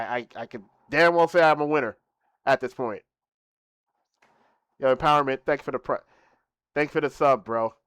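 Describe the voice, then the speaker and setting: A young man streams casually to his viewers, playfully boasting and laughing before softly thanking them. His voice is mid-range and clean, recorded dry.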